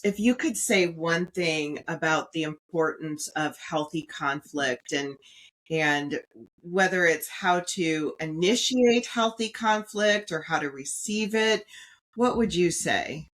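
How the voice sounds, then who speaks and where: A middle-aged woman hosting a podcast, speaking in a warm, affirming way and asking questions of her guests. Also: low-pitched, slow. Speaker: podcast host. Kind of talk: casual podcast conversation.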